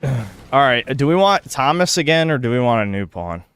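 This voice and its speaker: A man's voice: medium pitch, sing-song, normal speed, a bit bright, clear, resonant tone, dry recording. A man streaming a video game, who grumbles, swears at the game and chats casually with his viewers. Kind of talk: casual live-stream commentary.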